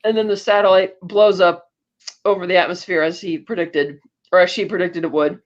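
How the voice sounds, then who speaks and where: A woman's voice: fairly low pitch, fairly even intonation, moderate pace. Rambling woman podcast co-host, lo-fi sound. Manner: rambling, chatty retelling. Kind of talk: casual chat recapping a film plot.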